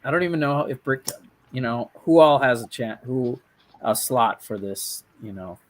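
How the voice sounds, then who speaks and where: A man from Minnesota chats loosely as co-host of a hobby talk show. His pitch sits in an ordinary middle range. He rambles, trails off and restarts his sentences often. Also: expressive, moderate pace, no echo. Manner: rambling, full of fillers and restarts. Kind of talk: casual chat.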